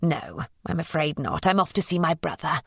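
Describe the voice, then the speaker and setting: A woman voicing an elderly, kindly housekeeper with warm, proper, old-fashioned phrasing. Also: deep voice, sing-song, normal speed, vocal fry, breathy edge, no echo, studio quality, exaggerated voice. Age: older.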